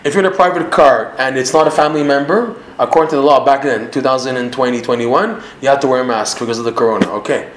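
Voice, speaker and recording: A man's voice: mid-range voice, quick pace, hardly any pauses, slight background noise. Canadian man teaching, echoey room. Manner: animated, quotes Hebrew and then translates it. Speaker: Torah teacher. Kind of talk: Torah class.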